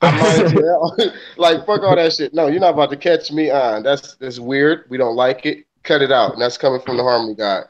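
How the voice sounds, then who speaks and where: A young man, a guest on a podcast, chatting crudely and excitably, jumping from shocked outbursts to low mumbled asides. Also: moderate pace, dull audio. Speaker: guest musician. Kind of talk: casual profane interview chat.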